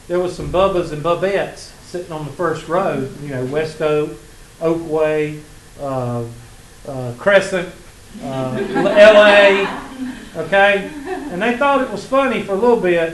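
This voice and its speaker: A man's voice: a little high, moderate pace. A man with a Southern US accent teaching a college math class, chatting and telling sarcastic stories to his students. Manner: joking, sarcastic storytelling to students. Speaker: math instructor. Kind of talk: casual classroom lecture. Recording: echoey classroom with faint room noise.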